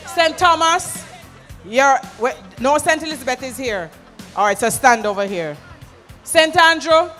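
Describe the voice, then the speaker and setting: An MC with a Jamaican accent hosting a live event, calling out loud directions to a crowd and slipping into patois. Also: high voice, animated, a little slow. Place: large conference hall. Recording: hall reverb with music behind.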